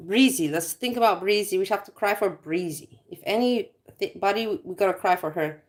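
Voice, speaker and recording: A woman's voice: medium pitch, moderate pace. A woman hosting a casual livestream, rambling and teasing her viewers with self-mocking jokes. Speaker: livestream host.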